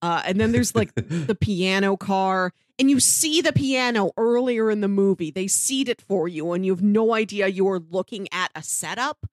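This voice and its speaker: A woman co-hosting a podcast in casual chat, enthusiastic and quick to laugh, listing details with comic emphasis. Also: medium pitch, no room sound, studio quality. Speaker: podcast co-host.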